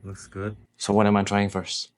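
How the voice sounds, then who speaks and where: A man's voice: fairly low pitch, monotone, moderate pace. A man who tastes food and makes teasing, dry jokes in casual chat. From Malaysia. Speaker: husband tasting food.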